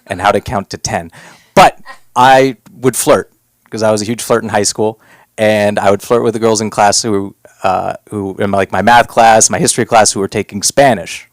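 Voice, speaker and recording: A young man performing a stand-up comedy set on a club stage, rambling with fillers and jumping into loud, high bits. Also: steady tone, normal speed, dry recording.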